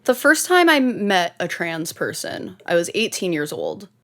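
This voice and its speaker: A woman's voice: lowish voice, sing-song, unhurried, a bit bright. A woman co-hosting a podcast, telling her story in casual chat, laughing often and swearing. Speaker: podcast co-host.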